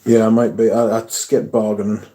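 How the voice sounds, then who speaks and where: A man rambles through a casual live stream, reading comments and swearing as he goes. His voice is warm and mellow, never bright. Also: on the low side, little pitch movement, moderate pace. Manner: chatty, swears casually, reads viewer comments aloud.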